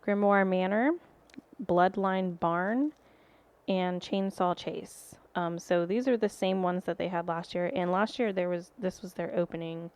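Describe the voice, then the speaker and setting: A woman's voice: lowish voice, fairly even intonation, a little slow, darkish tone, clean tone. A woman co-hosting a podcast, chatting casually with frequent ums and likes. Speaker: podcast co-host. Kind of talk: casual chat.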